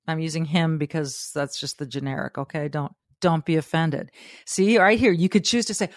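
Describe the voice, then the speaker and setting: Woman hosting a podcast, kinda low voice, dry close sound, animated, acts stuff out. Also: moderate pace, dry recording. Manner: animated, acts out quotes, laughs often. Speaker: podcast host. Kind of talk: motivational monologue.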